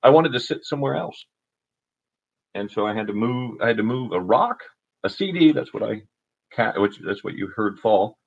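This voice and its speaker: Man livestreaming from his cabin, husky, low-pitched, halting, dull laptop audio. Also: animated. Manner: rambling, halting, many restarts. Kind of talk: rambling solo livestream. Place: home cabin, indoors. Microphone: laptop microphone.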